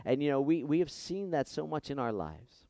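A man preaching a sermon, impassioned, dropping soft and then rising loud and high when he voices prayers. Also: big pitch swings, moderate pace, no room sound.

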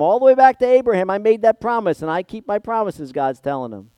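A man preaching a sermon as pastor, with dynamic delivery that swings from hushed, intimate passages to loud, impassioned ones. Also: high-pitched, very animated, fairly quick, few pauses, dry recording.

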